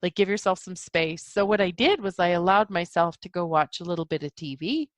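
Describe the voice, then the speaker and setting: With a lowish, brisk voice and no echo, this podcast host chats on her own about spiritual ideas. She's drowsy, yawning through her words while giggling and wandering off on tangents.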